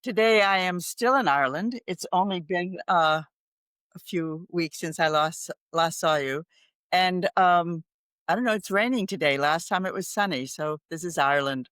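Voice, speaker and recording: A woman's voice: on the low side, normal speed, a bit bright, dry recording. An older woman speaking as a guest on a podcast interview. She is reflective, reciting poetry and laughing easily. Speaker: guest expert. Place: home in Ireland.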